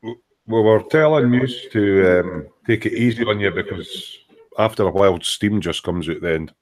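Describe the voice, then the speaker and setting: A man's voice: on the low side, normal speed. A Scottish man hosting a casual live stream at his model-making bench, bantering and swearing while he sands. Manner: banter, swearing, dry jokes while sanding. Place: hobby workbench indoors.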